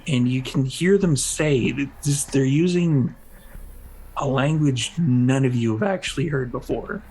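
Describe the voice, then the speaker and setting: A man narrating a tabletop game as game master, in loose, halting description with many fillers. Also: mid-range voice, warm tone, slightly rough, low-quality recording.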